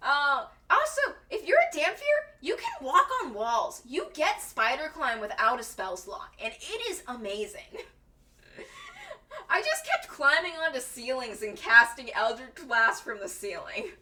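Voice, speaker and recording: A young woman streamer casually telling tabletop game stories, animated and giggly, acting out quotes. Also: high-pitched, measured pace, distant mic. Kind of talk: casual storytelling chat.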